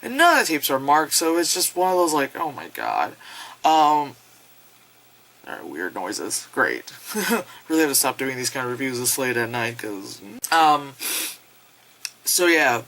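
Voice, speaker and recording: A woman's voice: rumbling low, big pitch swings, measured pace, pauses often, a bit bright, low-quality recording. Rambling young woman reviewing a film. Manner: rambling, filler-heavy, swears, acts out characters in quotes. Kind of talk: casual spoken review. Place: home, late at night.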